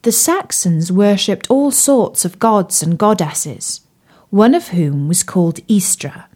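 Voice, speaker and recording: A woman storyteller reading a children's story aloud in a gentle, sing-song manner. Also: mid-range voice, expressive, slow pace.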